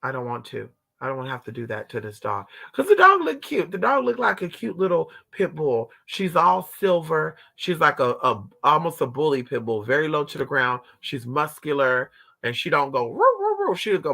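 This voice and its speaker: A man's voice: expressive, normal speed, creaky, sharp tone. A man talking to his viewers in a brash, profane, dramatic way, acting out the people and dogs in his story. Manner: swings between high squeals and low mutters. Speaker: livestream host.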